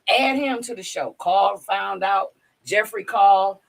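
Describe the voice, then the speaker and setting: A woman's voice: medium pitch, unhurried, gravelly, low-quality recording. A woman from Alabama, a show promoter, chatting with enthusiasm in a casual interview. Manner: chatty, enthusiastic, gives shout-outs.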